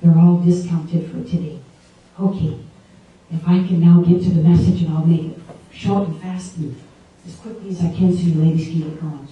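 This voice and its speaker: A woman's voice: lowish voice, fairly even intonation, moderate pace, dull audio. A woman preaching a sermon to a room of women, emphatic and asking the audience questions directly. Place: large echoey meeting room. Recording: very echoey room, distant mic.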